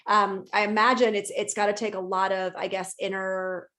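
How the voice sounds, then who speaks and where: A woman co-hosting a podcast in casual chat. She is candid and swears freely. She gets animated when she makes a point. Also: medium pitch, moderate pace. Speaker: podcast co-host and therapist.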